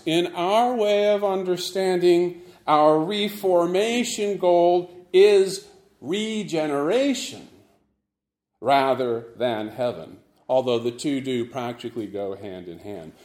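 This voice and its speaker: Slow-speaking male pastor preaching. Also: on the high side, a little mellow, reverberant. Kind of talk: sermon.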